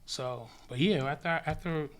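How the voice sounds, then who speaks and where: A man, a podcast guest, telling a vivid, profane story in casual talk, acting out sounds and swinging between loud bursts and hushed murmurs. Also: fairly high pitch, measured pace, a little hiss or hum.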